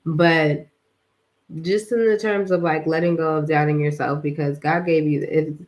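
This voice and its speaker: A woman's voice: low voice, steady tone, normal speed, a little mellow. A young woman, tired from a workout, hosting a casual spiritual livestream, rambling with lots of fillers and slang. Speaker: livestream host.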